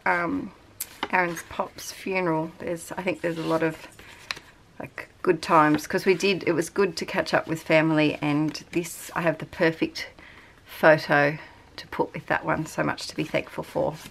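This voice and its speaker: Lower-voiced Australian woman, rambly chat. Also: a little hiss or hum. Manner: rambly, chatty. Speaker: craft vlogger. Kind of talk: casual chat. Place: at home.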